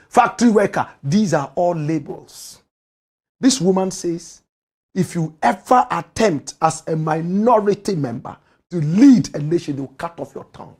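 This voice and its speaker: Husky, impassioned Ghanaian man ranting. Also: fairly high pitch, darkish tone. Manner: heated, ranting, fires rhetorical questions. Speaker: host of a commentary show. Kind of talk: impassioned political commentary.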